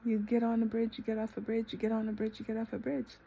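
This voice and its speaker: A woman talks to the camera in a loose, reflective monologue, full of fillers and false starts. Now and then she jumps to high, incredulous exclamations. A faint hiss sits under the recording. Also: monotone, fast, vocal fry, warm tone. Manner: rambling, filler-heavy, with sudden high exclamations. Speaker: vlogger. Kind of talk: reflective self-talk monologue. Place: eating ice cream while filming herself.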